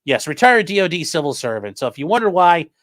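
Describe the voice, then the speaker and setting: A man's voice: a little high, big pitch swings, fast talker, fairly bright tone, no room sound, studio quality. A man hosting a livestream, reading viewer donations and giving casual commentary in a sarcastic, rambling way with casual swearing.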